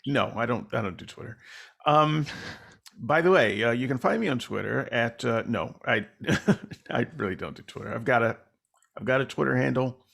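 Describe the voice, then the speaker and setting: Gravelly-voiced man hosting a podcast. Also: mid-range voice, lively intonation, moderate pace, a bit bright. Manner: rambling, self-deprecating, with many fillers. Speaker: podcast host. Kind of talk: casual conversational interview.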